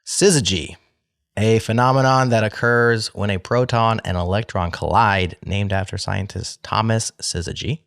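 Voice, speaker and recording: A man's voice: fairly low pitch, vocal fry, dry recording, studio quality. A man hosting a podcast word game, reading definitions aloud and joking with the players. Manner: laughing, playful, reads definitions aloud. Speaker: podcast host, game show moderator. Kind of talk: casual game-show banter.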